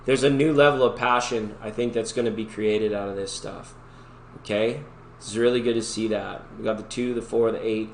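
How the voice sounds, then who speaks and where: A man's voice: on the low side, fairly even intonation, moderate pace. Chatty man hosting a live tarot stream. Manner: chatty, rambling, upbeat, breaks into sung snippets. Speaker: tarot reader and livestream host. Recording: echoey room with faint background noise.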